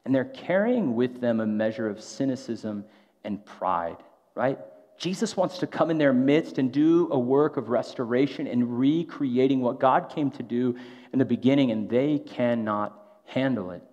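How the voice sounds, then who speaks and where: A man's voice: mid-range voice, expressive, moderate pace, a little mellow. A man preaching a sermon in a casual, conversational way, often tossing in a rhetorical "right?". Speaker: pastor. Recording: long hall reverb, dull lo-fi sound.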